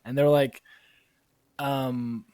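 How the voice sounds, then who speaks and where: A man's voice: medium pitch, level tone, drawn-out words, mellow, clear, resonant tone, dry recording. A young man co-hosting a podcast, talking in a loose, giggly, self-deprecating way. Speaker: podcast co-host. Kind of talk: casual chat.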